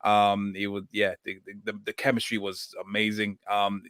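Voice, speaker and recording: Man hosting with halting chatty talk. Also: fairly low pitch, monotone, fairly bright tone, clear, resonant tone, no echo, clean studio sound. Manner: hesitant, many ums and restarts. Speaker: podcast host. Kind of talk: casual chat.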